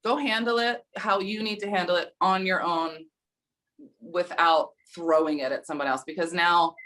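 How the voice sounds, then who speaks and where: A woman's voice: lowish voice, fairly even intonation, normal speed, a bit bright, low-quality recording. A woman guest on a talk show, speaking in a thoughtful, reflective and affirming way. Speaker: guest intuitive reader. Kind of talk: casual chat.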